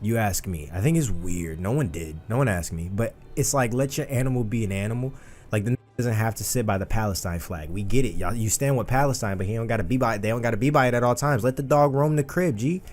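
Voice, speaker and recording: A man giving casual reaction commentary, riffing in a slangy, profane, animated way. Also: fairly low pitch, quick pace, soft background music. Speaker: reaction streamer.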